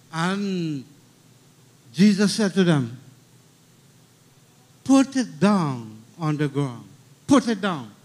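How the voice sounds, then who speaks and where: A man's voice: sits high, a little mellow. A middle-aged man with a Trinidadian accent preaching a funeral sermon, emphatic and repeating key lines, calling out for amens.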